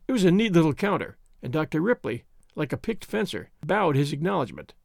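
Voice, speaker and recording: A man narrating a classic story in a measured, expressive storytelling manner. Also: on the high side, vocal fry, no echo, clean studio sound. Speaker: audiobook narrator.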